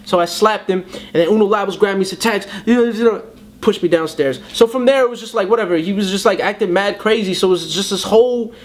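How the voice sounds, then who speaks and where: A man's voice: high-pitched, fast talker. A young man telling a story in a casual interview. He tells it animatedly and slips into voices for the people he quotes. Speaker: battle rapper.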